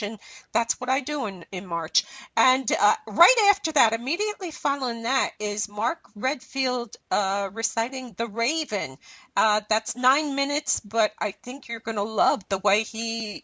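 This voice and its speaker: A middle-aged woman hosts a radio show, rambling along in lively, chatty asides. Her voice is high and bright, and it sits close and dry in the recording. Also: dry recording. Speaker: radio host. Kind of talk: casual radio chat.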